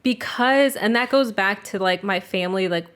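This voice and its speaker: A young adult woman hosts a podcast, chatting casually in a medium-pitched, fairly bright voice at a moderate pace. She swears freely, leans heavily on "like," and retells family stories by acting out the voices of the people in them.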